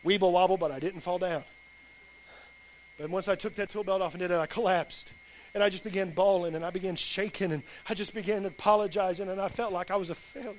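High-voiced preacher man. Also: fairly even intonation, fast talker, a little hiss or hum. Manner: plain-spoken, folksy, colloquial grammar. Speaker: pastor. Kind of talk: sermon with personal testimony.

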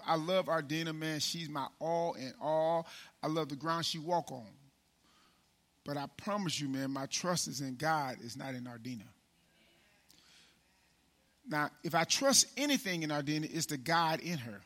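A man preaching a sermon as pastor, in a casual, folksy way that keeps asking "right?" and calling people "man", swinging from loud, rising calls to the congregation down to hushed, low asides. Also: lively intonation, normal speed, long pauses. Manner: preaching with loud call-and-response swells and sudden hushed drops.

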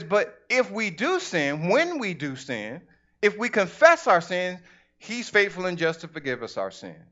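A man preaching a sermon in church, animated and conversational, acting out little asides. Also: high voice, lo-fi sound.

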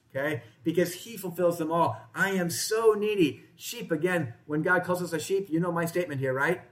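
Male pastor, slightly higher voice, conversational sermon delivery. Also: normal speed, fairly bright tone. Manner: conversational, asks the congregation questions. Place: church, in front of a congregation.

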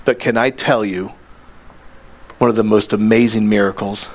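A middle-aged male pastor telling a story in a sermon, acting out the dialogue with lively voices and dropping to a soft, intimate tone. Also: fairly low pitch, normal speed, long pauses.

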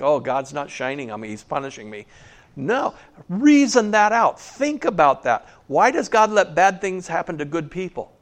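Conversational man preaching, frequent "okay?". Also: high voice. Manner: conversational, keeps asking "okay?". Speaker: pastor. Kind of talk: sermon.

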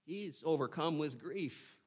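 Slow, earnest male Bible teacher. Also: fairly high pitch, lively intonation, slightly rough. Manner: reads scripture aloud and reflects on it with emotion; slow, emphatic delivery. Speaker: preacher.

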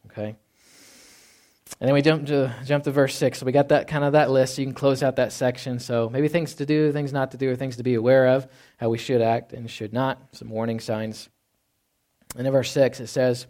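A man preaching a sermon as pastor in a relaxed, conversational way. He often adds "right?" asides and drops to a quiet voice for emphasis. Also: mid-range voice, moderate pace. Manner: conversational, with frequent "right?" asides and soft laughs.

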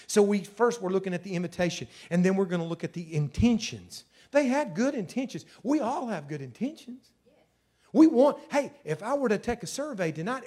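A male pastor preaching a sermon with passion, dropping low and then rising loud. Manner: impassioned, swings from soft to loud.

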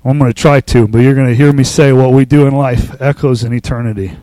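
A man preaching a casual sermon, talking loosely with fillers and restarts, and reading scripture slowly and with emphasis. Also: mid-range voice, no echo, low-quality recording. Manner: relaxed, conversational, with fillers and restarts. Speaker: pastor.

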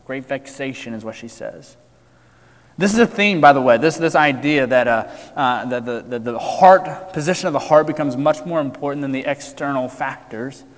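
A man preaching a sermon, reading scripture and explaining it earnestly, swinging between loud emphasis and quiet, low endings. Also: moderate pace. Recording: long reverb of a large hall.

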